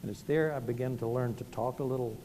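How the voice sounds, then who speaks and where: A middle-aged Southern pastor preaches with a mellow, dark voice, telling homely stories that poke fun at himself. His words ring out with a long reverb in a large hall, and faint noise sits under them. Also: medium pitch, fast. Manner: folksy storytelling, self-deprecating. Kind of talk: sermon.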